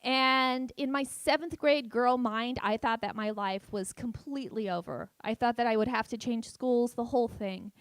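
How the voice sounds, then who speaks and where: A woman in her thirties tells a story on a festival stage. Her voice sits high and sounds dry and close. She stutters on repeated sounds and delivers punchlines with deadpan sarcasm. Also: normal speed, hardly any pauses, clear, resonant tone, no room sound. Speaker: stand-up comedian. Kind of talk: stand-up storytelling.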